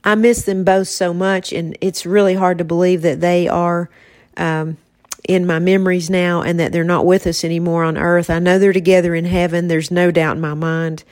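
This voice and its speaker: A woman hosts a faith-based podcast in casual conversation. She talks in a soft-spoken, reflective way, and her voice sits a little low for a woman. The recording is dry and close to the mic. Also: level tone, normal speed, no echo. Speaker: podcast host.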